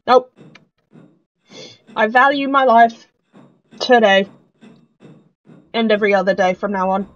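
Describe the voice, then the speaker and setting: A woman's voice: fairly high pitch, a little slow, long pauses. A woman giving chatty, joking commentary while she plays a game. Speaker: let's play gamer. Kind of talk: casual gaming commentary. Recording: dull lo-fi mic with faint noise.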